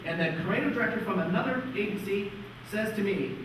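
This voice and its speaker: A man co-presenting a conference talk, telling an anecdote in an animated, self-interrupting way. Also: sits high, fairly quick, slight background noise. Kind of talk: storytelling on stage. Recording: echoey hall, far-off dull mic.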